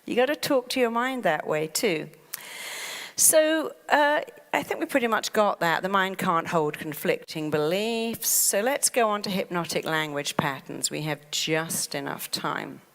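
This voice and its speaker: A woman, a therapist, giving a lively motivational talk and acting out panicky inner voices. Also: fairly low pitch, measured pace, in a large hall.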